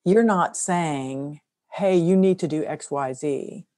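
A middle-aged woman sharing a personal faith story in conversation, earnest and soft-spoken. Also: low voice, slow pace. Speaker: guest.

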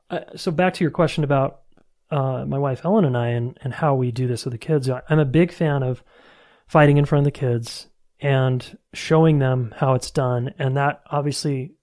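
A man's voice: medium pitch, darkish tone. A man, a relationship coach, talking as a podcast guest in a candid, reflective way with plenty of fillers. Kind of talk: casual podcast conversation.

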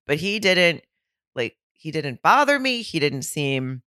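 A woman co-hosting a podcast, chatting casually about a reality show, animated and incredulous and laughing often. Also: deep voice, a little slow, no echo, studio quality. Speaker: podcast co-host. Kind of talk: casual reality TV recap chat.

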